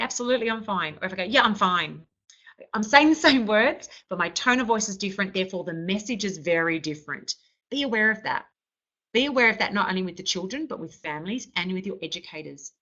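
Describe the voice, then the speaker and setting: A woman lecturing as a trainer, her voice bright and forward. She explains step by step and keeps checking in with her listeners. The recording sounds dull and lo-fi. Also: on the low side. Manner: explanatory, often checks in with "okay". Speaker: early childhood trainer. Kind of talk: instructional lecture.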